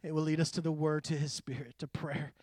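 A middle-aged man preaching a conversational sermon, animated and full of quoted asides. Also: on the high side, a little fast, no room sound, clean studio sound. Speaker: pastor.

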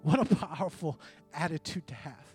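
High-voiced man preaching a lively sermon. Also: moderate pace, faint music behind. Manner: animated, conversational preaching with quoted asides. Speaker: pastor.

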